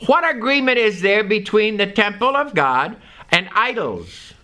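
High, lively, bright-voiced male preacher. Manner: emphatic, drawn-out preaching delivery. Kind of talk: sermon.

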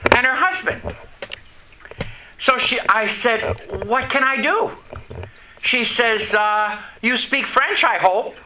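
A man preaching a testimony to a congregation, telling a story and asking the audience questions. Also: very high voice. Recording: echoey room, faint noise.

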